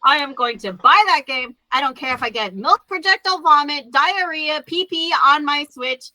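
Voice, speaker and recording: A woman in her thirties, a guest on a podcast, chatting casually in an animated, profane way and acting out quotes as she tells stories. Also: high voice, normal speed, low-quality recording.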